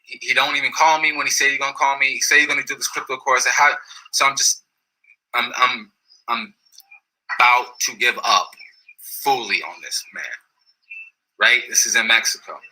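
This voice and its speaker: Sharp, husky man telling his story. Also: mid-range voice, normal speed, long pauses, low-quality recording. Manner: slangy, repetitive, restarts phrases, animated retelling. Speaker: storyteller recounting his experience. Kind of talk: casual spoken storytelling.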